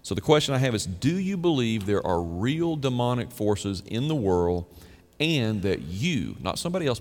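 A man preaching a sermon, reading scripture aloud with earnest emphasis. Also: on the low side. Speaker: pastor. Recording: long hall reverb.

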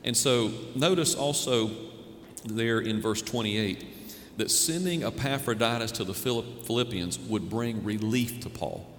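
A pastor delivers his sermon at an ordinary pitch, earnest and searching, and he often restarts his phrases mid-thought. His voice carries a long reverb through a roomy sanctuary. A faint low rumble runs underneath. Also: measured pace, a bit bright. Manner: earnest preaching with frequent restarts and rhetorical questions. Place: church sanctuary. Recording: echoey hall with faint noise.

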